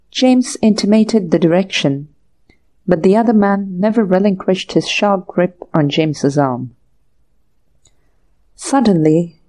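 A woman narrating an audiobook of a classic short story in a steady, measured way. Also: on the low side. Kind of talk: scripted narration.

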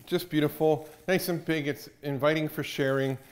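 A man's voice: fairly high pitch, steady tone, moderate pace. A man hosting a casual cooking show, chatting upbeat while he cooks in a kitchen.

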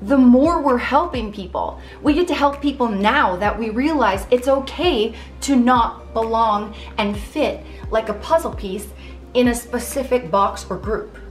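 A young woman speaks straight to camera in a candid, earnest vlog, thinking aloud as she goes. Her voice sits a little high and bounces around an echoey room. Soft music plays faintly underneath. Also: measured pace. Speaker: vlogger. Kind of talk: casual talk to camera.

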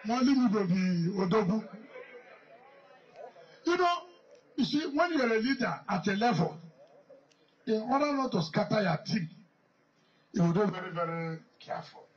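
A man's voice: sits high, sing-song, moderate pace, pauses often, far from the mic, muffled recording. A Nigerian man, a politician, giving an emphatic, rambling off-the-cuff speech with lots of repetition. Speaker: politician addressing a gathering.

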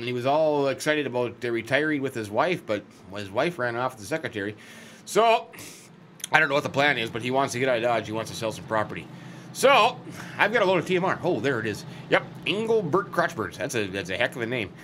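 A man's voice: medium pitch, animated, fast talker, fairly bright tone, a little hiss or hum. A man hosting a farming game let's play, chatting in a rambling, folksy, joking way as he plays a farmer character. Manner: rambling, folksy, jokey, self-interrupting.

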